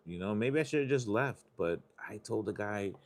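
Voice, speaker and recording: A man's voice: lowish voice, expressive, normal speed, slight background noise. A man hosting a live stream, chatting casually in a rambling, confessional way and swearing freely. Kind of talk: casual chat while scratching lottery tickets.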